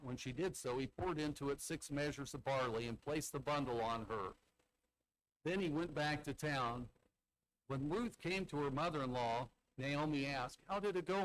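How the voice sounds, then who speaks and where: Conversational preacher man, slightly high voice. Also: rough recording. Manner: conversational, asks listeners rhetorical tag questions; acts out the characters' quoted lines in Bible stories. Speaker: church elder preaching. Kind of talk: sermon.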